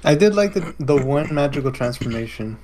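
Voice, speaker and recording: A man's voice: a little high, lively intonation, brisk, a crowd in the background. A man chatting casually on a podcast. He starts and restarts his sentences as he talks. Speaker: podcast co-host. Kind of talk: casual chat.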